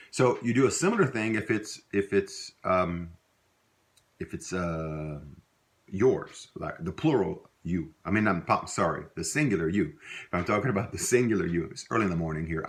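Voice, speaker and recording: A middle-aged man with a Louisiana accent gives a casual spoken language lesson. His voice sits very low. He rambles easily, using fillers and correcting himself mid-sentence. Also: fairly quick. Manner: relaxed, rambling, with many fillers and self-corrections. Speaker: language teacher.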